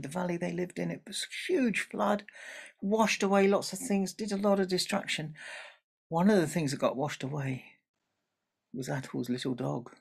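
Male family storyteller, chatty, gravelly. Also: high-pitched. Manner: chatty, asides to the audience.

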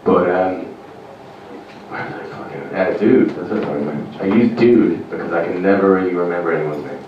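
An Irish man doing stand-up comedy in a rambling, deadpan way, on a comedy club stage. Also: deep voice, a little fast, lo-fi sound, slight background noise. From Ireland. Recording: echoey club room, mic far off.

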